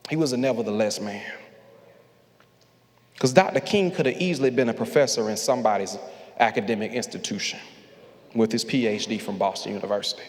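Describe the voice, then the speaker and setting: A man's voice: lowish voice, a little fast, pauses often. A man preaching a sermon in a large church sanctuary, speaking in a rhythmic, repeating style and calling on the congregation to answer him. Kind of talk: call-and-response sermon. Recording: long hall reverb from the sanctuary.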